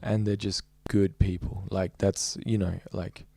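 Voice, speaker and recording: Young man, low dark voice, rambles through his story in a casual interview. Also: flat delivery, measured pace, creaky, dry recording. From Australia. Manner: rambling, heavy use of "like". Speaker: musician guest.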